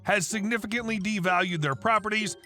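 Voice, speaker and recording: A man narrating reddit stories in a brisk, animated reading style. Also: sits high, faint music behind. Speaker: story narrator.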